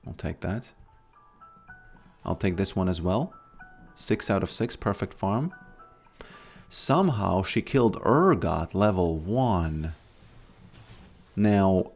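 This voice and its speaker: Low-voiced man streaming a game. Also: slow pace, gravelly, long pauses, soft background music. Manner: relaxed, thinking aloud with frequent restarts. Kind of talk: casual live-stream commentary.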